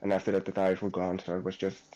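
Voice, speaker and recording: A man's voice: sits low, completely flat delivery, quick pace, warm tone, rough recording. A man talking through his race casually in a post-race interview, swearing now and then.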